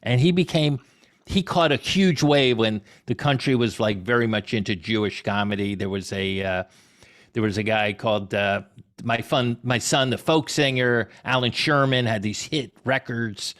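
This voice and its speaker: A man's voice: medium pitch, moderate pace. Digressive storytelling man. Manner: animated, digressive storytelling with restarts. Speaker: comedy historian guest. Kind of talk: conversational Q&A talk.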